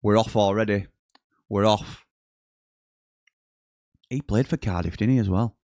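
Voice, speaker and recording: Bloke doing a live footy watchalong, reading chat, gets loud at goals, dry close mic. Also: male voice, on the low side, a little slow, no echo. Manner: chatty, reads out live chat messages, excitable at goals. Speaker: watchalong host. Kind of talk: live football watchalong commentary.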